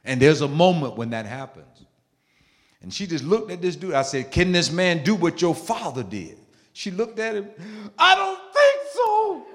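A man preaching a sermon in an emphatic way, dropping to low murmurs and rising to loud high bursts. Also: very animated, moderate pace. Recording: long hall reverb.

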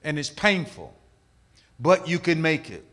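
A middle-aged male pastor preaching a sermon, emphatic, swinging from loud calls to hushed asides. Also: fairly high pitch, big pitch swings, unhurried.

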